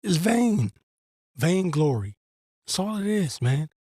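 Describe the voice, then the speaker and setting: A man's voice: sits high, big pitch swings, slow pace, darkish tone, no room sound, studio quality. A man giving a blunt, profane religious monologue as host, in an exasperated and crude manner. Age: adult veteran.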